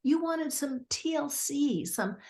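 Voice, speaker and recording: A middle-aged woman, a therapist and author, telling client stories in a lively conversational way and acting out what clients said. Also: medium pitch, moderate pace. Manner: animated, acts out clients' quotes. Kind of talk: conversational storytelling.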